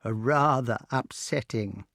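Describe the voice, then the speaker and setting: A calm, solemn goat, voiced by a male audiobook reader close to his own voice. It speaks slowly and evenly in a dry, close recording. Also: mid-range voice, vocal fry, dry recording. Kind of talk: audiobook character voice.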